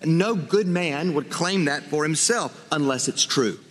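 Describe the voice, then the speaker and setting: A man's voice: a little high, expressive, unhurried, a bit bright. A man preaching a sermon as pastor, earnest and full of rhetorical questions. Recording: long hall reverb.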